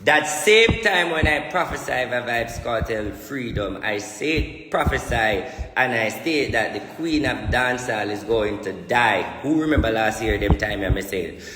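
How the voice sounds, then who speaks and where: A man's voice: medium pitch, animated, unhurried, pushed and bright, soft background music. Jamaican man preaching at his viewers, declamatory and repetitive, in a reverberant room. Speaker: self-styled spiritual prophet. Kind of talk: ranting monologue to viewers. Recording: echoey room with long reverb.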